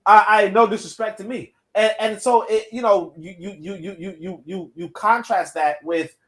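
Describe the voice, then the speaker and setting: Animated high-voiced man in casual talk. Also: normal speed, low-quality recording. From Caribbean family, Jamaican parents. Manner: animated, repeats words, frequent "right?" and "you know". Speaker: podcast co-host. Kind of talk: casual discussion.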